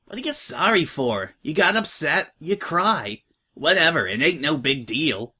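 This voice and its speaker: A man's voice: a little high, expressive, unhurried, bright, forceful tone, breathy edge, exaggerated voice. A man voicing a tough, slangy young filly who talks bluntly and offhand. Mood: teasing. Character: brash, tough young filly, slangy orphan-home veteran.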